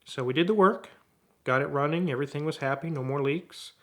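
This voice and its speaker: Mechanic guy, middle-aged, fairly high voice, tells a story and does both sides of the talks. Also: brisk. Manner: animated, acts out both sides of dialogues. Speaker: auto repair shop owner. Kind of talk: storytelling to camera.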